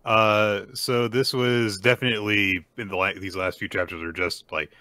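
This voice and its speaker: A man with a very low voice that still carries a bright, forward edge. He co-hosts a podcast and talks through his views at length, with a few fillers. The tone is relaxed and analytical. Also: normal speed, hardly any pauses, no room sound. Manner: thoughtful, explains at length with fillers. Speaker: podcast co-host. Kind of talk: casual manga discussion.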